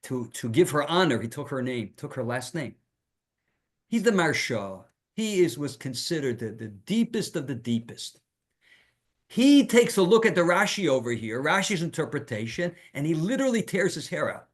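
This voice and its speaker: A man with a somewhat higher voice delivers a Torah lecture as a rabbi. He teaches in an animated, emphatic way, posing rhetorical questions and weaving in Hebrew terms. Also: normal speed.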